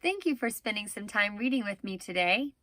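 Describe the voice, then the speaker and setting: A woman reading a children's picture book aloud in a gentle, expressive way, close to the mic. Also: mid-range voice, brisk, no echo. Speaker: storyteller.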